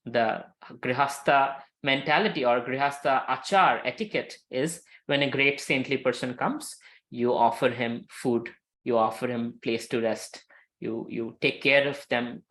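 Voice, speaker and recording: A man teaching a scripture lesson, telling a story with lively acted quotes and many fillers. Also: mid-range voice. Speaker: spiritual teacher.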